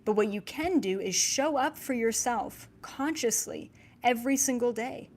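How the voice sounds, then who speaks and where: A woman's voice: fairly high pitch, moderate pace. Chatty young woman talking to camera. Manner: animated and chatty, with many fillers and asides to the viewer. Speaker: spiritual channeler and channel host. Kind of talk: casual spoken monologue to viewers.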